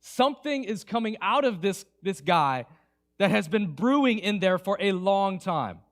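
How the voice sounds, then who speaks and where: Animated, conversational male preacher. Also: sits high, a little slow. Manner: conversational, animated, swings between hushed and emphatic. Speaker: pastor. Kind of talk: sermon. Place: church.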